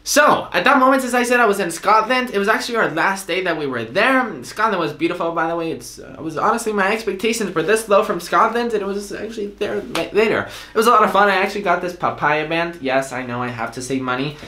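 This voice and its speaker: A young man telling a story in a vlog, excitable and animated, acting out the dialogue. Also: high voice, quick pace, hardly any pauses, roomy sound. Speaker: vlogger.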